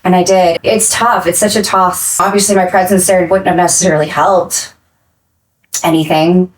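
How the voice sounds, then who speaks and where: A young adult woman speaking as a podcast guest, earnest and reflective, rushing some phrases and slowing on others. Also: lowish voice, steady tone, poor audio. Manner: earnest and reflective, quick bursts between slow phrases. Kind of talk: candid interview talk.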